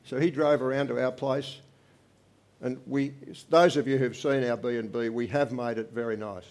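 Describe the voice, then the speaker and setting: An older man, giving an earnest personal testimony to a church congregation, swinging from animated to quiet. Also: mid-range voice, normal speed.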